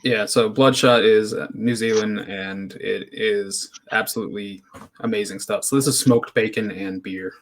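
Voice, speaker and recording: A man's voice: fairly low pitch, fairly even intonation, a little slow. A man as an interview guest, easygoing and hesitant, with many ums and you-knows. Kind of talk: casual interview chat.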